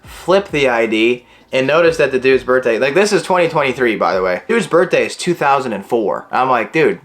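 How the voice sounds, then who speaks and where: A man's voice: mid-range voice, a little fast. A young man in his twenties from Illinois, telling a story in a casual vlog and acting out the dialogue. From Illinois, USA. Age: 20s. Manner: animated, acts out the dialogue.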